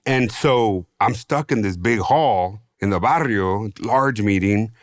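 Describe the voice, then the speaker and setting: A man from San Diego, a podcast guest, telling his own story in an animated, slangy way with free swearing. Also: fairly low pitch, slow, no room sound, clean studio sound. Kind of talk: casual storytelling.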